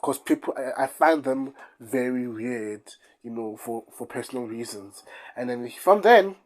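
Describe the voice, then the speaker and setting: Young South African vlogger, casual storytime, rambly and repetitive, mid-pitched voice. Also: animated, moderate pace. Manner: rambling, repeats phrases for emphasis. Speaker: YouTuber.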